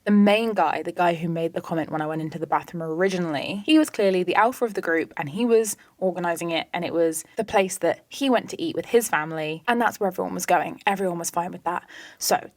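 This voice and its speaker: Woman podcaster, low-ish voice, animated anecdotes with hushed asides, dead-dry room. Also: quick pace, hardly any pauses, no echo. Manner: lively, chatty, drops to whispered asides. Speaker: podcast host. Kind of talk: casual storytelling monologue.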